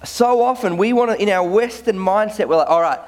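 A man giving a sermon, his voice sitting a bit high for a man. He talks to the congregation in a conversational way and often stumbles over and repeats his opening words. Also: fairly quick, darkish tone. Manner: conversational, repeats words when starting sentences. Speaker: pastor.

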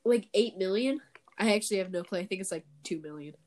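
A man's voice: high voice, quick pace, a little mellow. A man hosting a casual podcast chat, rambling and hesitant with many fillers, a bit stuffy-nosed. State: stuffy nose. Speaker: podcast host.

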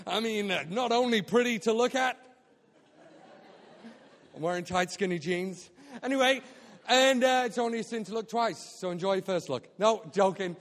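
High-voiced animated man preaching in a hall. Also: moderate pace. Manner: animated, jokey, acts out quotes. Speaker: guest speaker at a church. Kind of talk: storytelling sermon. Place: church auditorium. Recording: live church hall with long reverb.

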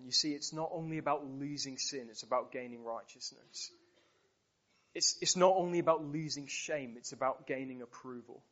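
A British male preacher delivering a sermon in an animated, storytelling manner. He leans on emphatic repetitions and sits at a middle pitch. The recording sounds dull and muffled.

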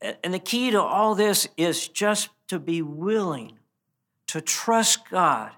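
A man preaching a sermon in an earnest way, often restarting and repeating words, and dropping low and quiet for emphasis. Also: expressive, takes it slowly. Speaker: pastor.

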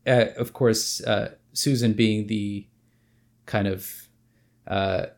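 A man in a casual book discussion, talking haltingly with many fillers and restarts. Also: fairly low pitch, fairly even intonation.

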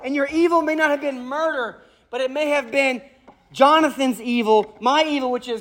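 A man's voice: very high-pitched, normal speed, fairly bright tone. A man in his thirties preaching a sermon as pastor, emphatic, asking rhetorical questions and repeating key phrases.

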